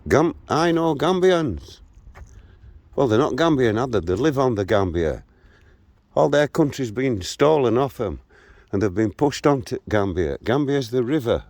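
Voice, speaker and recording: A man in his 60s with a mid-range voice and a moderate pace tells a story about an argument as he walks outdoors through a local park and streets. The vlogger animatedly re-enacts the street argument, and the recording has no room sound.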